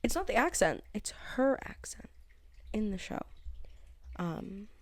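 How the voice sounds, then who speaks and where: A woman's voice: mid-range voice, big pitch swings, measured pace. A woman vlogging to her phone camera in a casual, rambling way, full of fillers and tangents. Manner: chatty, filler-heavy, loose tangents. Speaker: vlogger reviewing a TV show.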